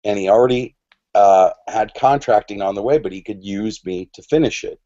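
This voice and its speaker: Man, guest, rambling casual storytelling, deep voice, lo-fi audio. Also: normal speed, warm tone. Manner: rambling, with many restarts and "you know"s. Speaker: podcast guest. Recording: dull lo-fi recording.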